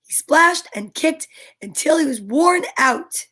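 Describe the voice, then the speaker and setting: A woman reading picture books aloud to children, gentle and encouraging, asking questions and counting along with them. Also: sits high, lively intonation, measured pace. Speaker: children's story reader.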